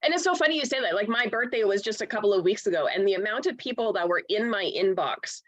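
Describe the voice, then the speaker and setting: A woman's voice: medium pitch, lively intonation, quick pace, a bit bright, dry recording, dull audio. A woman from Canada speaking bluntly and frankly in a casual podcast conversation, swearing freely and tagging on "right?".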